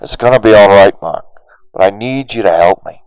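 A man doing a loud, coaxing schemer. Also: on the low side, a little fast, smooth, no room sound, natural voice, rough recording. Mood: pleading. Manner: urgent, pleading, coaxing. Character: scheming Irish man on a radio.

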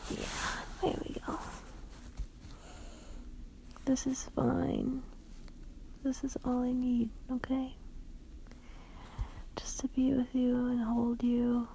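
Young woman for a whispered role-play: slow, tender and reassuring, with a gravelly hush and giggles. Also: fairly high pitch, level tone, slight background noise, rough recording. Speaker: ASMR performer.

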